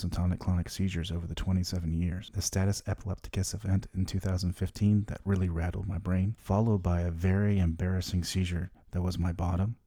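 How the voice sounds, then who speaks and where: A man's voice: low-pitched, warm tone, husky, no echo, studio quality. Wry middle-aged man narrating his story. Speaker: podcast host. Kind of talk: scripted personal narration.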